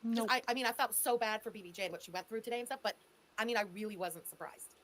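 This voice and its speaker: A woman's voice: mid-range voice, fast, a bit bright, a little hiss or hum. A woman hosting a commentary show, reacting to a clip with sarcastic, incredulous remarks. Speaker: host, commentary channel.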